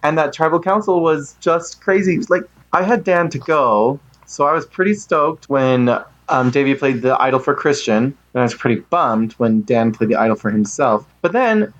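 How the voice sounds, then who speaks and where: A man leaves a laid-back voicemail, chatting along in an unhurried, easygoing tone. The recording sounds a little dull and lo-fi. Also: a little high, a bit bright. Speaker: caller. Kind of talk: casual voicemail recap.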